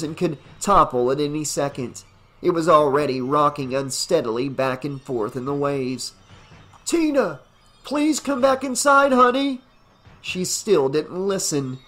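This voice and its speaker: Guy reading an audiobook, dramatic and deliberate, voice a bit high. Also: fairly bright tone. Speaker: audiobook narrator. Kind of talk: scripted narration.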